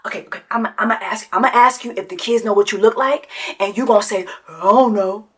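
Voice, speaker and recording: A woman's voice: fairly high pitch, fast talker. A woman, giving a sassy, profane reality TV reaction commentary that mocks its subject and breaks into sung quacking. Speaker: commentary host.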